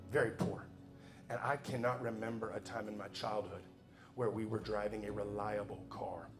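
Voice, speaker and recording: A man giving a motivational speech in an emphatic, preachy way, dropping to quiet asides and then pushing to loud exhortation. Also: on the low side. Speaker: motivational speaker.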